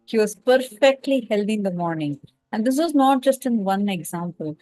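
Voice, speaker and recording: A woman's voice: medium pitch, expressive, moderate pace, warm tone, no echo, rough recording. A woman in an online spiritual lecture, explaining a study and stressing to her listeners that it really happened. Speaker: spiritual course instructor.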